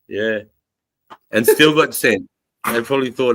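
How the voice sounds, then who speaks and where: A man with an Australian accent hosting a livestream chat, relaxed and swearing freely as he talks with a mate. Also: mid-range voice, a little slow. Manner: laid-back, swears freely, says mate a lot. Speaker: livestream host. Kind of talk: casual chat.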